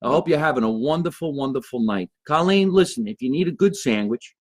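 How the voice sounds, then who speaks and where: A man's voice: medium pitch, fairly quick, a crowd in the background. A man hosting a casual live chat show as a comedian, joking and laughing with viewers. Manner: laughs often, animated banter with viewers. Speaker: comedian host.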